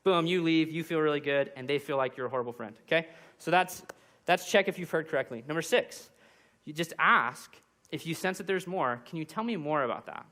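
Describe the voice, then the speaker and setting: A young man preaching from the pulpit in a bright, forceful voice that sits a touch high for a man. He moves through his points one by one and now and then acts out what people say in conversation. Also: fairly quick. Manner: numbered points with acted example quotes. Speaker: pastor. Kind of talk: sermon. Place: church.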